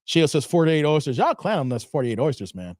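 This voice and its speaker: A man's voice: on the high side, big pitch swings, quick pace, no room sound, studio quality. A man hosting a livestream, reading chat comments aloud in casual slangy banter and laughing often.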